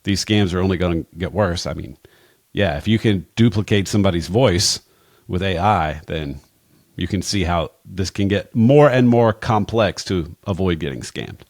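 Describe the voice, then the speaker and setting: Plainspoken man with a low, dry voice. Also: normal speed, a little mellow, no echo. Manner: plainspoken, wry, drops into asides. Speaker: financial advisor, podcast guest expert. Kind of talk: casual conversational advice.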